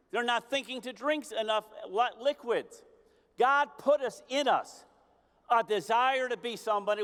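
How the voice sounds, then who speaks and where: A man with a very high, smooth, resonant voice delivers a fervent motivational stage speech. He preaches at his audience and keeps hammering home rhetorical questions. Long reverb from a large convention hall trails after his words. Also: fairly bright tone. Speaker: motivational speaker at a company convention.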